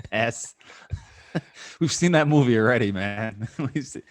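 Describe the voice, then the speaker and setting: A man's voice: mid-range voice, lively intonation, slow pace, dry recording, clean studio sound. A man co-hosting a podcast in casual sports chat, rambling with frequent laughs and restarts. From New York area. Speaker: podcast co-host.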